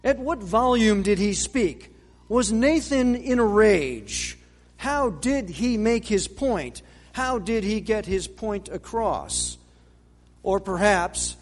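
A man preaching a sermon in a measured way, with dramatic pauses and rhetorical questions. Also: sits high, expressive. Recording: long reverb of a large hall.

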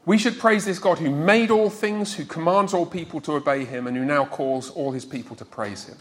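A man's voice: on the high side, moderate pace, slight background noise. Emphatic man preaching a sermon. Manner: emphatic teaching, quizzes listeners.

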